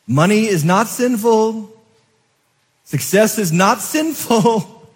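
A man preaching in a church sanctuary, his voice sitting a little high for a man. He swings from loud, emphatic peaks down to soft, low asides and keeps asking his congregation questions. A long hall reverb trails every line. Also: animated, slow pace, breathy edge. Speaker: pastor. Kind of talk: sermon.

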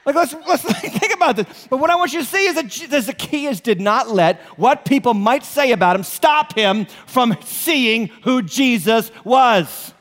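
Male lead pastor, high voice, animated and playful, church hall reverb. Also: unhurried, hardly any pauses. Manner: animated, joking, asks the crowd questions. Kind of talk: sermon.

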